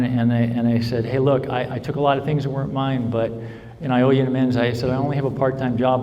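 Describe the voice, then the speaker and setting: A man's voice: medium pitch, mellow, muffled recording. A man gives a heartfelt personal talk at a convention, checking in with the crowd by asking "right?" again and again. His voice sits in an ordinary middle range. It rings out through a large hall with a long reverb tail. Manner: earnest storytelling, asks "right?" often. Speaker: recovery speaker.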